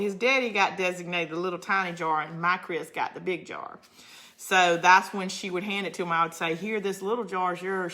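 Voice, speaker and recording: A middle-aged woman from Georgia, USA, with a Southern accent and a low, pushed, bright voice, hosts a crafting channel livestream. In casual chat she reads viewer comments and rambles through family stories, laughing often.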